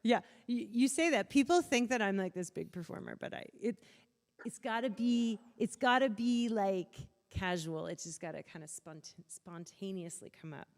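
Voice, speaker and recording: A woman's voice: medium pitch, animated, moderate pace, big-room sound. A Canadian woman co-hosting a casual youth group livestream, chatty and a little self-conscious.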